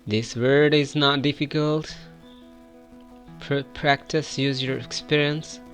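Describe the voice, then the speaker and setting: A man's voice: fairly high pitch, fairly even intonation, fairly bright tone, soft background music. A man from Pakistan with a Pakistani accent, teaching English pronunciation and stretching out model words for the listener to repeat. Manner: drawn-out model words for repetition. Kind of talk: pronunciation lesson with repeat-after drills.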